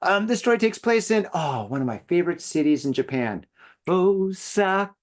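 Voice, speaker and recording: A man's voice: on the high side, sing-song, fairly quick. A man hosting a solo podcast, reading news stories and rambling with jokes and many fillers. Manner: rambling, joking, filler-heavy. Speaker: podcast host.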